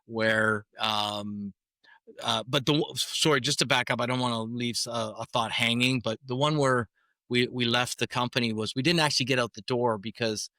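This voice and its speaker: A man's voice: medium pitch, fairly even intonation, moderate pace, sharp tone, dry recording, studio quality. A middle-aged man, a sales coach being interviewed, telling stories in a rambling way with many restarts and "right?" tags. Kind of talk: storytelling interview answers.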